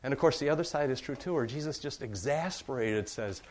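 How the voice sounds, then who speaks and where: Man, pastor, casual sermon, repeats phrases for emphasis, even mid pitch. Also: fairly quick, hardly any pauses.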